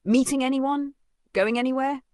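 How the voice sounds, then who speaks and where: A man's voice: extremely high pitch, fairly even intonation, moderate pace, darkish tone, smooth, no echo, studio quality, pitched above the performer's own voice. A man voicing a scheming stepmother who speaks in a falsely cheerful, knowing way in a narrated story. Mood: sugary, probing. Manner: sugary, knowing, probing.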